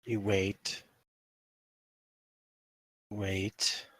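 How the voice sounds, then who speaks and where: A man narrating as dungeon master, telling the story in a slow, drawn-out way. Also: lowish voice, flat delivery, a bit bright, no room sound. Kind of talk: narrating a tabletop game.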